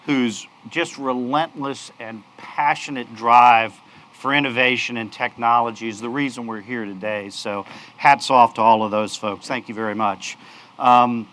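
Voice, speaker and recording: A man's voice: mid-range voice, sharp tone. A man, a company executive, giving an upbeat, polished press conference speech at an outdoor launch, with frequent fillers.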